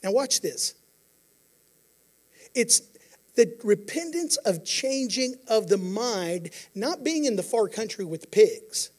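A pastor preaching a sermon, earnest, moving between quiet passages and emphatic declarations. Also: male voice, sits high, big pitch swings, slow pace.

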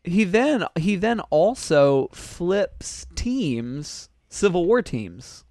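A man's voice: sits high, sing-song, extremely slow, darkish tone, dry recording, clean studio sound. A man co-hosting a podcast, recapping a TV episode in casual chat with wry asides. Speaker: podcast co-host.

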